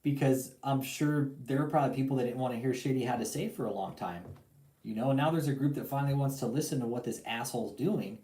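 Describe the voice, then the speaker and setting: A man's voice: medium pitch, fast, echoey room, low-quality recording. Swearing, ranting man hosting a talk show. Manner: profane, animated ranting with lots of slang. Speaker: podcast host. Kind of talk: casual call-in talk show.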